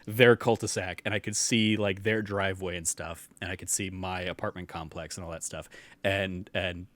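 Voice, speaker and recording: A man's voice: deep voice, steady tone, normal speed, a bit bright. A young man co-hosting a podcast, chatting casually and rambling with many fillers and restarts. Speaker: podcast co-host. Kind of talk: casual chat.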